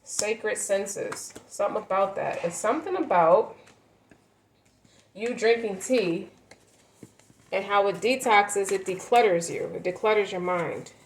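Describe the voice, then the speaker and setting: A woman's voice: medium pitch, unhurried, slight background noise, poor audio. A woman gives a tarot reading in a loose, casual way. She rambles and stresses her words, doubling back to restart her sentences as she goes. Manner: rambling, emphatic, many fillers and restarts. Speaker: tarot reader.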